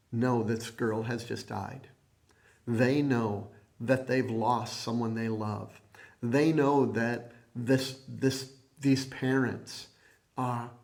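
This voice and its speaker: Male minister preaching; deliberate, slow, stop-and-start delivery, goes quiet on quoted lines. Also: mid-range voice. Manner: slow, halting delivery with many restarts, dropping soft when quoting. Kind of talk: sermon.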